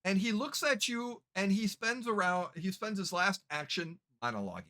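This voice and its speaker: A game master narrating a tabletop game in a halting way, with many fillers and restarts. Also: medium pitch, lively intonation, pushed and bright.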